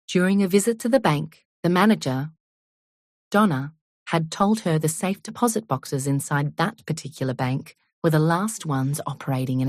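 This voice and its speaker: A woman reading an audiobook in a measured, unhurried storytelling manner. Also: sits low, no room sound, clean studio sound. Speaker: audiobook narrator. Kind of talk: scripted audiobook narration.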